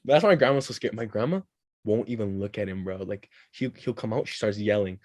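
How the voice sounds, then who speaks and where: A young man from Canada, a podcast guest chatting casually and telling animated stories with quick asides. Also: lowish voice. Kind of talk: casual chat.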